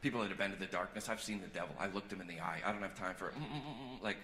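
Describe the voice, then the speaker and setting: A man doing a stand-up comedy set on stage, rambling and self-deprecating, swinging from earnest confession to loud joking. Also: low voice, fairly even intonation, very fast. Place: large theater on stage. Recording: echoey live hall recording with crowd noise.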